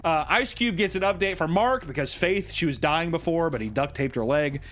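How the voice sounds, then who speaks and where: A man's voice: on the high side, normal speed, fairly bright tone, soft background music. A young man hosting a comedic movie recap, laughing often and mimicking characters mockingly. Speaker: commentary host.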